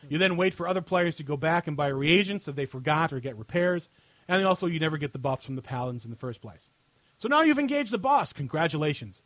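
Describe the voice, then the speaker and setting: Man, high voice, sarcastic read-aloud, laughing often, dry close sound. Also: a bit bright, no echo. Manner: reads with frequent laughter, sarcastic. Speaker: podcast host. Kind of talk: mocking read-aloud of a satirical article.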